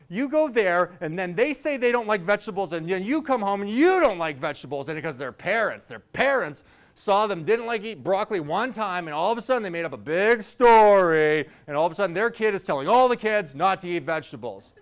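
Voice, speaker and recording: A man's voice: sits high, expressive, a little fast. A man in his thirties doing a stand-up set, telling loose, rambling stories with self-mocking asides. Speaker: stand-up comedian.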